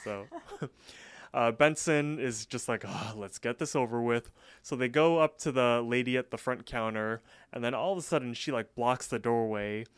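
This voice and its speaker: A man co-hosting a podcast, casually recapping a cartoon episode with lots of fillers and quick voice impressions. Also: medium pitch, clear, resonant tone, dry recording. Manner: loose, filler-heavy retelling with quick voice impressions. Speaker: podcast co-host.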